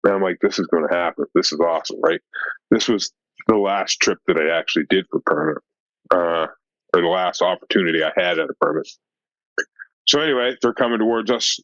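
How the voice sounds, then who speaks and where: A fishing guide with a deep voice tells a story briskly in a casual podcast chat, animated and acting out the dialogue with lots of "like" and "right?". The recording is dull, lo-fi and dry with no echo.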